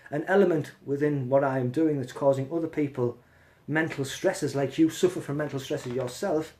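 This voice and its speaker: Casting: male live streamer, fairly high voice, blunt and confrontational, phone mic. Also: moderate pace, a little mellow, a little hiss or hum. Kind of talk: casual live stream rant.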